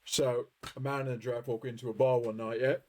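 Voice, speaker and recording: A man's voice: mid-range voice, level tone, quick pace, darkish tone. A man streaming a game, bantering casually with a friend in a wry, teasing way. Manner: wry, teasing, tells a bad joke with relish. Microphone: headset.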